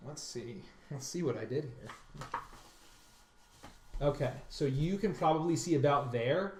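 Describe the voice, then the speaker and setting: A man narrating as game master of a tabletop game, halting and thinking aloud with fillers. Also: fairly high pitch, noisy background. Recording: roomy echo.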